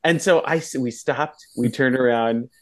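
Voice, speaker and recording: A man's voice: mid-range voice, moderate pace. A man co-hosting a casual podcast, telling a neighborhood anecdote and acting out the people in it. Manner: animated anecdote teller, voices the people in his story. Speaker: podcast co-host. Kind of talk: casual chat, storytelling.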